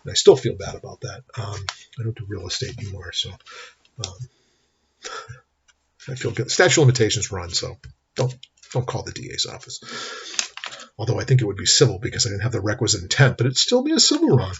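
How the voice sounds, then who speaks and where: A man's voice: on the low side, sing-song, fairly quick, pauses often, fairly bright tone, slight background noise. A middle-aged man giving a rambling, anecdotal recorded lecture as a law instructor. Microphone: webcam mic. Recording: lo-fi webcam recording.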